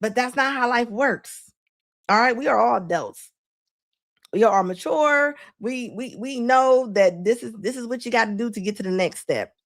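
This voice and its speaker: A woman's voice: a little high, normal speed. A woman hosting a live stream, giving casual reaction commentary with frequent laughs and preachy asides to her viewers.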